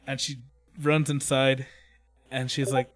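A man's voice: mid-range voice, little pitch movement, measured pace, fairly bright tone. Rambling, profane man recapping a story. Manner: profane, rambling, acts out scenes in quoted voices. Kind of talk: casual chat recapping an anime.

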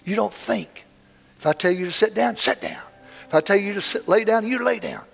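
A man's voice: high voice, brisk, creaky, breathy edge, in a large hall, soft background music, pitched above the performer's own voice, full character voice. A man voicing a stern army captain who later becomes a remorseful father, speaking bluntly and then pleading.

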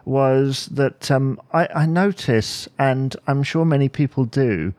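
A man's voice: medium pitch, a little mellow, no room sound. Hesitant male host, dry sound. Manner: hesitant, halting with "um" and restarts. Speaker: podcast host, interviewer. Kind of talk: interview questions.

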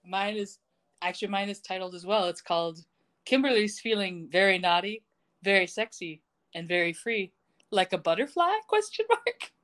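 A woman co-hosting a podcast, recapping a TV scene in casual chat, giggly and animated. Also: medium pitch, moderate pace. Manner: giggly, animated retelling with quoted voices. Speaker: podcast co-host. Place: remote recording, not with co-host.

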